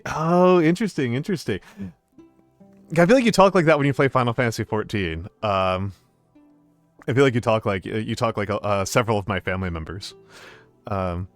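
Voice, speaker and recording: This streamer has a fairly low-pitched voice and talks casually with his chat as he plays, stumbling through frequent ums, uhs, and restarts. His manner is hesitant yet warm, greeting viewers as they come in. There's no echo on the audio.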